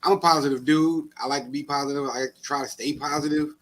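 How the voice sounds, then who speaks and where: A man's voice: fairly high pitch, steady tone, quick pace, a bit bright. A man co-hosting a podcast, ranting in casual slangy chat. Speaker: podcast co-host.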